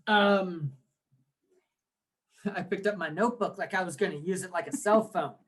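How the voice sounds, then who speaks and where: Animated man in his forties explaining. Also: high voice, normal speed. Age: 40s. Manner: animated explaining with rhetorical questions. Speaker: guest, marketing agency owner. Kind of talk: podcast interview.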